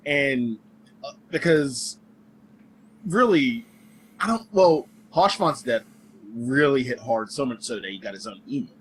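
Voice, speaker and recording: A man's voice: mid-range voice, expressive, unhurried, long pauses, slight background noise, rough recording. A man guesting on a podcast, speaking casually and hesitantly, often trailing off.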